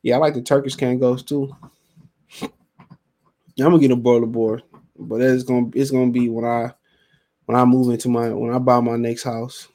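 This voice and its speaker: Warm and medium-pitched, this man's voice barely moves in pitch, runs at normal speed, and pauses often. He hosts a solo podcast, rambling casually with slang and profanity while reading listener comments aloud.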